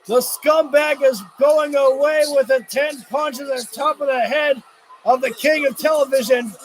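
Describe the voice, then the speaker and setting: A man with a very high voice calls a wrestling match live on his stream, excitable and quick to shout and curse when the action peaks. A faint hiss of noise sits under his voice. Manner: reacts loudly, swears, shouts at big moments. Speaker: livestream wrestling commentator. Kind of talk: excited play-by-play commentary.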